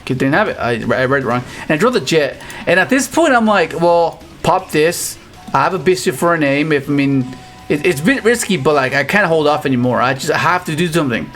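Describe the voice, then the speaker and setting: A man with a fairly high voice talks through his card game matches in a loose, rambling way, restarting sentences and breaking into excited outbursts. Faint music plays under his voice. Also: fairly quick. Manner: rambling, restarts often, animated exclamations. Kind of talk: casual gameplay commentary.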